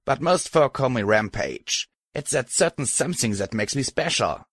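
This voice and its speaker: A man's voice: mid-range voice, big pitch swings, moderate pace, a bit bright, breathy edge, no echo, studio quality, pitched above the performer's own voice. A man reading an audiobook, voicing an armored female pony warrior who talks casually with a crude smirk. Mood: cocky. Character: armored female pony killer, cocky, grinning.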